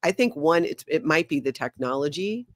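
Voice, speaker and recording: A woman in casual livestream chat, excitable and animated, with a projecting voice trained in radio, speaking from her home office on a desk mic. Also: sits low, normal speed, no echo, studio quality. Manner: excitable, animated, laughs often. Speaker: guest co-host.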